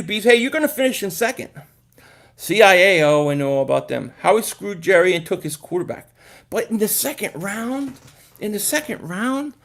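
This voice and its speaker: A man with a high voice hosts a live sports stream, reading out viewer comments and chatting back. He talks loosely and thinks aloud, often repeating and restarting his words. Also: a bit bright.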